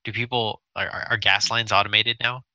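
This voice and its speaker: Rambling man with a crisp, bright voice. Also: on the low side, brisk, no echo, poor audio. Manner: rambling, stammers when excited. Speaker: podcast co-host. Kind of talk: casual chat.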